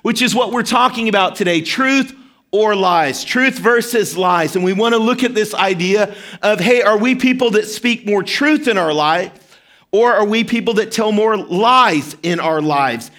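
A male pastor with a notably high voice preaches a sermon in church. He keeps it upbeat and interactive, checking in with the congregation as he goes. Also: unhurried, fairly bright tone. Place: church service before a congregation.

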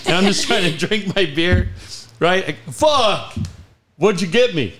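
Over a loud crowd, a sports radio host with a high-sitting voice tells a long, swear-laden story a little slowly, full of laughter. He's an animated storyteller who laughs through his quotes and hits profane punchlines in casual chat.

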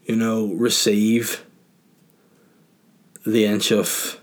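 A man's voice: fairly low pitch, flat delivery, drawn-out words. A young man with a Northern Irish accent hosting a podcast, answering listener questions in a crude, joking, rambling way. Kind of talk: casual chat.

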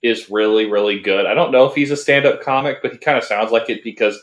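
A man's voice: fairly low pitch, quick pace, echoey room. A man co-hosting a casual anime review podcast, talking in a rambling, hesitant way with many fillers and restarts. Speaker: podcast co-host.

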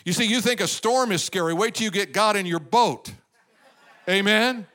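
A man's voice: sits high, normal speed, sharp tone. A man preaching a sermon, drawing out the crowd with asides and acting out quotes. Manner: preaching with call-and-response asides and acted-out quotes. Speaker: pastor.

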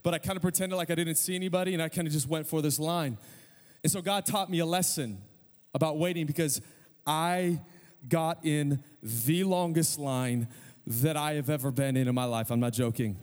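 A middle-aged male pastor preaching a sermon, telling a story with self-deprecating humor and quick asides. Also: on the high side, darkish tone, in a large hall.

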